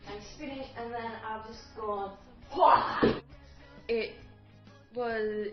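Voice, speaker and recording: Young woman, casual vlogger, rambling and chatty; dull lo-fi recording. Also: mid-range voice. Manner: chatty, rambling with fillers and acted-out quotes. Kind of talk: casual storytelling to camera. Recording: dull lo-fi audio with faint music.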